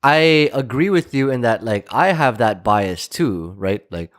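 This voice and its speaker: A man with a middle-range voice co-hosts a casual podcast chat. He talks thoughtfully and tentatively, often pausing to find the right words. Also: mid-range voice, expressive. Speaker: podcast co-host.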